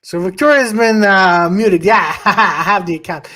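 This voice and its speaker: A man's voice: high voice, unhurried. A man co-hosting a live podcast, telling a rambling story with lots of swearing and restarts, and breaking off to greet viewers. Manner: shouts out viewers mid-story. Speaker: podcast co-host. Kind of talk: casual live-stream chat.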